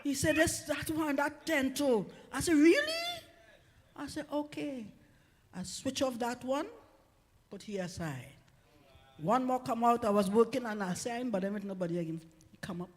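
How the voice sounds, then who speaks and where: A woman's voice: fairly high pitch, moderate pace. Woman giving a chatty, laughing testimony to a church crowd, big hall reverb on the voice. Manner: chatty, laughing often, exhorting. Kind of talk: humorous personal testimony.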